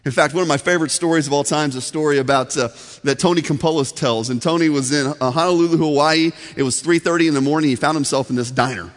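A man's voice: fairly high pitch, fast. A man preaching a sermon as pastor, telling a story in an earnest, conversational way. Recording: long reverb of a large hall.

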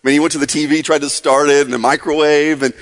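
Speaking fast in a fairly high, level voice, a forties-aged pastor kicks off a sermon with cheerful, conversational energy and questions for the congregation. The church hall lends the recording a long, lingering reverb.

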